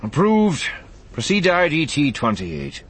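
A man's voice: on the high side, sing-song, a little slow, a little hiss or hum, pitched above the performer's own voice. A man voicing a bored older male recruiting officer, clipped and dry, in an audiobook reading.

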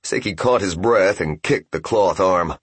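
A man narrating a fantasy game novel as an audiobook, in steady, even storytelling. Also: low voice, unhurried, breathy edge, no echo.

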